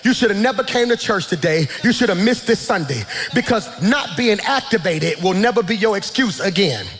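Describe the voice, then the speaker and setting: A man preaching a sermon as pastor, shouting in a sing-song cadence and dropping into hushed storytelling asides. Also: high-pitched, lively intonation, normal speed, soft background music. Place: large church hall. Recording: reverberant church hall.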